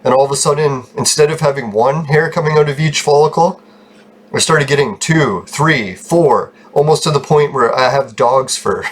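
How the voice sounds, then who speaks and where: A man's voice: medium pitch, normal speed, husky. A man telling rambling personal stories while commenting on his gameplay, swearing often and laughing at himself. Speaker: gaming YouTuber.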